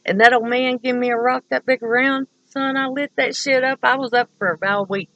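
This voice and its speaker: A woman's voice: high voice, fairly even intonation, brisk, fairly bright tone, no room sound, lo-fi sound. A woman from Kentucky telling stories in a rambling, profane, blunt way. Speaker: vlogger. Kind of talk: casual storytelling.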